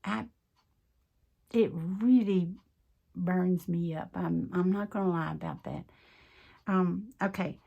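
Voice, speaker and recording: A woman's voice: mid-range voice, measured pace, gravelly, long pauses. Chatty Southern woman in her sixties. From American South. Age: 60s. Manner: chatty, earnest, folksy, with many "y'all" and "you know". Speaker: craft channel host. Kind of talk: casual chat to camera.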